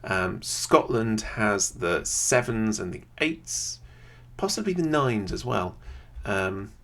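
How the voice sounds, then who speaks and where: A man, thinking aloud in casual gameplay commentary from a quiet home room, often pausing with "um". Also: on the low side, expressive, gravelly. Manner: thinks aloud, chatty, many "um"s. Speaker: video creator playing a geography game. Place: quiet home room with a computer under the desk.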